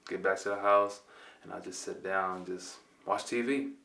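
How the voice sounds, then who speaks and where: A man's voice: sits low, fairly even intonation, moderate pace, vocal fry, bright, forceful tone. A man in his twenties from Compton, California, telling a personal story in a laid-back, slangy way and acting out the dialogue. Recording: roomy, mic at a distance.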